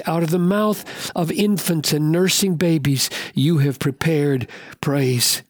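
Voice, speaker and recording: Man, preacher, sermon, emphatic, slightly high voice, dry recording. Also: steady tone, takes it slowly, dry recording. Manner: earnest, emphatic, repeats questions for effect.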